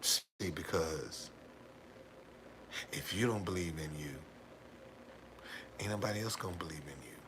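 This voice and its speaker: A man's voice: deep voice, lively intonation, unhurried, long pauses, noisy background. A man hosting a livestream, telling a rambling story to his viewers, repeating words and laughing often. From United States. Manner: gives frequent hearty laughs. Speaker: livestream host.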